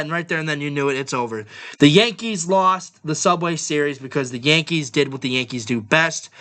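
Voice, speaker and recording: A man's voice: a little high, sing-song, brisk, bright, forceful tone. A man hosting a sports podcast, talking bluntly and offhandedly like a fan. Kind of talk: casual sports podcast talk.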